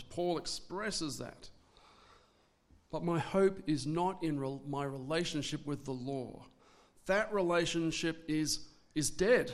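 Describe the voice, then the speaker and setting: Man, pastor, sermon, earnest delivery, somewhat high voice, restarts words. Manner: earnest, restarts words, speeds up and slows for emphasis.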